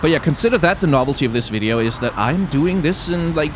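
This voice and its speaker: A YouTuber with a light Danish accent gives casual commentary while playing a driving game, thinking out loud and reading the tutorial text as he goes. His voice is on the high side, fast and animated, with background noise in the recording.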